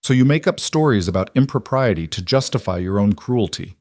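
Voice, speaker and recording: A man's voice: lowish voice, lively intonation, a little fast, darkish tone, dry recording, clean studio sound. A man voicing a grieving widow who speaks firmly and pleads, raising her voice. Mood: firm, hurt. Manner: raised voice, pleading then defiant. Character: grieving widow, proud and firm.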